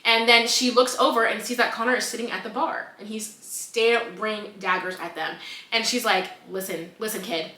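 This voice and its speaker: A young woman with a bright, fairly high voice co-hosts a casual book chat. She retells the story animatedly and slips into the characters' voices. The room has a noticeable echo. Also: steady tone, moderate pace. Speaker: podcast co-host.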